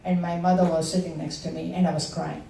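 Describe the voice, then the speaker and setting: A woman in her sixties tells her devotional story in an earnest, halting way, her voice warm and dark. She sounds some way off the microphone in a roomy, echoing hall, with a faint hiss behind her. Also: on the low side, flat delivery, vocal fry. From India. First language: Telugu. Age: 60s. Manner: earnest, personal storytelling with hesitations. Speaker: satsang speaker. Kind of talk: devotional testimony to a gathering. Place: meeting hall of a spiritual center. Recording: roomy sound from far off the mic.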